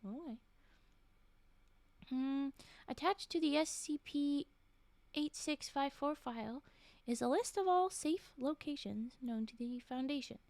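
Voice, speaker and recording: A woman with a high, slightly mellow voice reads spooky stories in an unhurried way, leaving long pauses, with no room sound. It's a casual live stream, and she often stops to chat, laugh, whisper asides and react to viewers.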